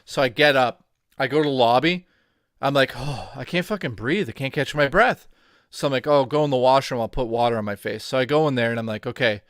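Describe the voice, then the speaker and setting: A man, co-hosting a podcast, telling an animated, profanity-heavy story in casual chat. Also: mid-range voice, brisk, dry recording, studio quality. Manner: animated storyteller, swears a lot. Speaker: podcast co-host.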